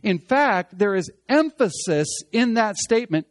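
A man preaching a sermon as pastor, swinging from emphatic loud passages to hushed, slow lines. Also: high-pitched, big pitch swings, no echo.

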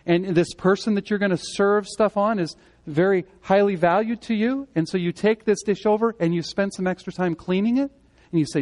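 A man giving a sermon as pastor, speaking conversationally and swinging between loud emphatic moments and quiet earnest ones. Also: high-pitched, normal speed. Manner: conversational preaching, rising and falling in emphasis.

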